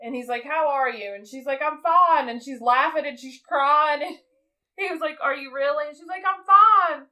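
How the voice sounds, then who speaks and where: A woman's voice: high-pitched, a little fast, bright, forceful tone. A woman in her thirties co-hosting a podcast, chatting casually as she retells a movie and acts out its lines. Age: 30s. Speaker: podcast co-host. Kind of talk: casual film recap chat.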